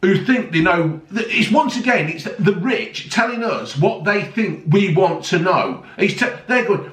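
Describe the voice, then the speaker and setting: Heated, sarcastic vlogger ranting with lots of swearing; recorded in an echoey room, set back from the mic. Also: male voice, high voice, big pitch swings, a little slow, a bit bright, distant mic. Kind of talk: angry ranting monologue. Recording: roomy, voice a bit off-mic.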